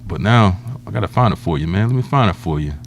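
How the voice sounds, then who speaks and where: Lively low-voiced man in casual chat. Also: fast talker, a little hiss or hum. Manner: animated, slangy storytelling. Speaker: podcast co-host.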